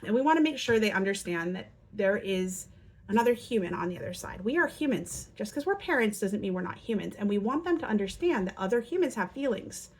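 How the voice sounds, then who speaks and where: There's a faint hiss or hum behind this woman's mid-range, slightly quick voice. She's a parenting educator addressing parents earnestly, offering behavior tips and performing sample lines in lively tones.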